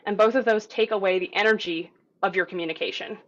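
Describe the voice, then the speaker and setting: A woman's medium-pitched voice holds a steady tone and moves quickly as she coaches a group singing lesson over video. Casual and upbeat with plenty of fillers, she demonstrates the sounds, though the call audio is dull and low-fidelity.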